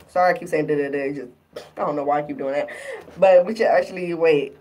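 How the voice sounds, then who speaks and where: A woman with a low, dark voice talks fast in a casual vlog, retelling her relationship troubles in an exasperated, rambling manner full of fillers. The microphone is some distance away from her.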